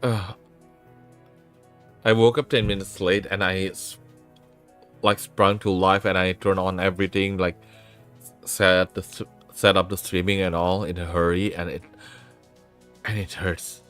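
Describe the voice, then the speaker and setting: Man, sore throat, casual live-stream chat, rambling, restarts sentences, lowish voice. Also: little pitch movement, a little slow, pauses often, a bit bright, soft background music. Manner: rambling, self-interrupting, laughs often. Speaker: VTuber streamer and host.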